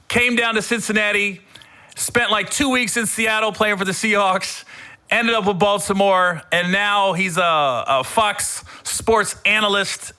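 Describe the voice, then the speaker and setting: A middle-aged man hosting a podcast, telling funny stories in a casual, animated way, acting out his own shouting. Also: sits high. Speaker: podcast host. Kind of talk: casual storytelling monologue.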